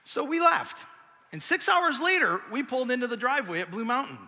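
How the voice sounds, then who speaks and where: Bright-voiced middle-aged pastor preaching. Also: male voice, extremely high pitch, fairly quick. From United States. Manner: animated, self-mocking storytelling. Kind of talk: sermon. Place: large church auditorium. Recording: long reverb of a church hall.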